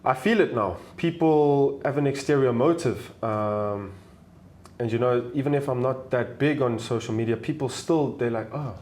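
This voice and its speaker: A young man talks as a podcast guest, his plain in a mid-pitched voice. He speaks casually and haltingly, often restarting and repeating words as he looks for what to say. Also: a little mellow. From South Africa. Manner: halting, repeats words while searching for phrasing.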